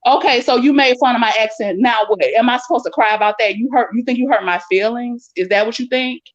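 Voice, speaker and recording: A woman with a Southern US accent argues on a live call-in panel. She is profane and confrontational, hammering the same challenge again and again. Her voice sits high, and the call audio sounds dull and lo-fi. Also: quick pace.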